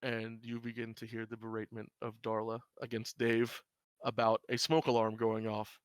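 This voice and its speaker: A man runs a tabletop game as game master, narrating scenes in a loose, rambling way full of fillers. His voice is smooth and clear at a middle pitch. The recording is close and dry. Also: monotone, normal speed, dry recording. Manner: rambling, lots of "like" and "uh".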